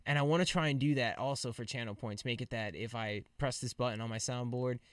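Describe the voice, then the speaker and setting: A man's voice: mid-range voice, fairly even intonation, brisk, dry recording. A man hosting a gaming podcast, chatting in a laid-back way and laughing easily. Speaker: podcast host and streamer. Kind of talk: casual chat.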